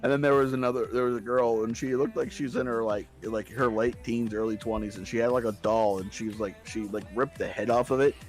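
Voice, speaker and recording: Chatting casually as a podcast guest, a man tells playful stories and slips into squeaky voices when quoting people. His tone stays steady and his pace is quick, with hardly any pauses, while faint music plays underneath.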